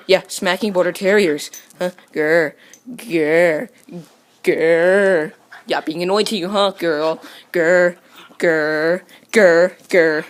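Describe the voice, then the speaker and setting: Woman, slow unhurried talk, playful teasing, repeated scolding, mock growls, home video with a pet dog. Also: on the low side. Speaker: dog owner.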